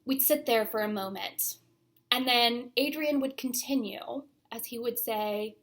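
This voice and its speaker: A young adult woman pastor giving a sermon, speaking slowly and deliberately and letting her phrases fade to a near-whisper. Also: fairly high pitch, fairly bright tone. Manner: slow, deliberate delivery that trails off to a near-whisper at phrase ends.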